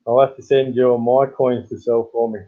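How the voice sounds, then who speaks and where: A little fast and level in tone, an Australian man at medium pitch hosts a casual livestream full of long, rambling stories and frequent chuckles. The recording has a tinny, phone-like sound.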